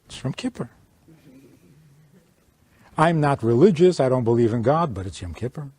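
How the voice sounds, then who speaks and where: A man, a rabbi, giving an informal teaching talk to a small audience, speaking in an animated way and acting out little dialogues. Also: medium pitch, normal speed, slightly rough. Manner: animated, plays out dialogues, chuckles.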